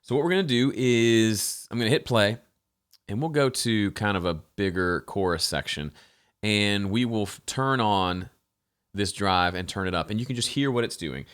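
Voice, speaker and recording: A man's voice: on the low side, moderate pace, a bit bright, clear, resonant tone. A man hosting a home studio mixing tutorial, talking casually with frequent fillers and restarts. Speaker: host.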